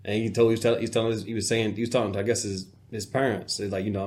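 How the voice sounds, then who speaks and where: A man's voice: fairly low pitch, racing, few pauses. Man telling stories on a podcast. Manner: animated storyteller, quotes people in acted voices. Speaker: podcast co-host. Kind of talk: casual podcast storytelling.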